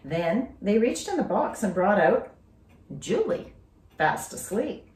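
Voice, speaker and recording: Expressive woman teacher reading aloud. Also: medium pitch, slow pace. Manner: expressive, dramatic storytelling. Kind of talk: children's story read-aloud. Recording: roomy, distant from mic.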